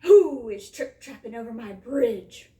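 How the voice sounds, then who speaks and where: A woman's voice: high-pitched, big pitch swings, measured pace, far from the mic. Woman doing a roaring greedy troll. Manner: roaring, gruff. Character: fierce hungry male troll giant. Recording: echoey room, off mic.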